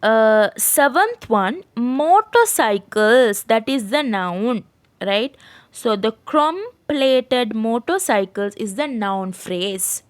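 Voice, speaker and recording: A woman's voice: fairly high pitch, expressive, slow. Patient woman teaching a grammar lesson. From Sri Lanka. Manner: explains patiently, keeps checking with "right?". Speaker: English teacher. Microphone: screen-share voice recording.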